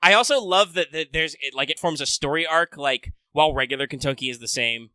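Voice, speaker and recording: A man co-hosting a casual gaming podcast, animated and swearing freely, acting out character lines. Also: on the high side, brisk, clean tone, no echo. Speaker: podcast co-host.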